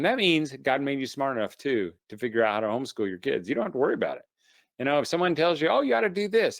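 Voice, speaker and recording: Folksy, animated middle-aged man. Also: dry recording, studio quality. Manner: folksy storyteller, many "you know" fillers; animated, swings between loud bursts and low quiet asides. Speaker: homeschool speaker. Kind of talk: casual motivational webinar talk.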